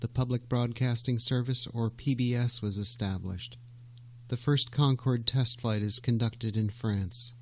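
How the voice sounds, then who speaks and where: A man narrating a documentary in a measured, scripted delivery. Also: medium pitch. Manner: measured, even, reading.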